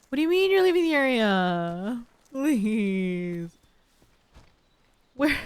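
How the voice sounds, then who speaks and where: A woman's voice: medium pitch, very animated, a little slow, pauses often, smooth. A woman streaming a video game live, chatting to her viewers and playfully whining and pleading at the game with frequent laughs. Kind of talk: live gameplay stream commentary.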